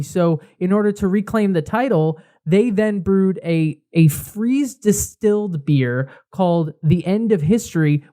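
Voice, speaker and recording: A man co-hosting a casual podcast, telling a story with animated build-ups. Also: sits high. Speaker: podcast co-host.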